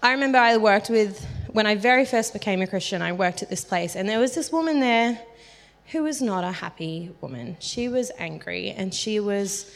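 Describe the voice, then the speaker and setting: A woman's voice: mid-range voice, normal speed. Chatty woman preaching in a reverberant hall. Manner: earnest, chatty, frequent "like" fillers. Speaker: speaker teaching on evangelism. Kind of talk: casual sermon talk.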